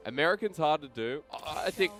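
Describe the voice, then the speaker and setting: A man's voice: a little high, lively intonation, a little fast, fairly bright tone, faint music behind. A man with an Australian accent, chatting casually as an esports caster, joking and laughing often. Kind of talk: casual banter between casters.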